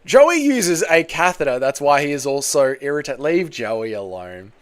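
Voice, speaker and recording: A man's voice: fairly high pitch, very animated, normal speed, clean tone. A man hosting a casual fight watchalong stream. He reads out chat messages and swears freely. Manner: loose and profane, bursts into shouts at big moments. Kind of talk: casual live-stream commentary and chat reading.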